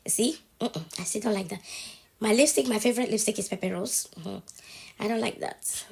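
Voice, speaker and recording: A woman's voice: medium pitch, moderate pace, creaky, darkish tone, slightly rough. A woman with a cold, talking through a casual step-by-step phone tutorial at home, checking in with the viewer after every step. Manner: chatty, keeps checking in with the viewer. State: has a cold. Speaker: TikTok tutorial creator.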